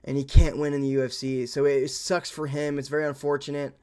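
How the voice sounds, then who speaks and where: A young man talks through the night's fights in a relaxed, rambling way, cursing now and then. His voice is smooth and clear at an ordinary pitch. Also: fast. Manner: laid-back, rambling, swears casually. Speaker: MMA reaction host. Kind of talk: casual fight recap monologue.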